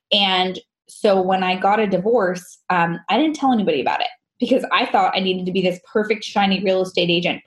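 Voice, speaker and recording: A woman guest telling her personal story candidly, laughing often and acting out the dialogue. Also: medium pitch. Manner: animated, laughs often, acts out quoted dialogue.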